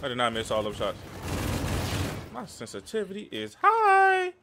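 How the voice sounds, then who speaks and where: A young man giving live, slangy, excitable commentary over his own shooter gameplay. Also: high-pitched, normal speed, background noise. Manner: excitable, slangy, trash-talking. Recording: game gunfire behind the voice.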